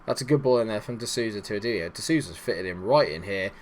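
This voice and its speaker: A man giving casual, self-mocking gameplay commentary, swinging between low mutters and loud, exasperated outbursts. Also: animated, fast, crowd noise. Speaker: gaming YouTuber.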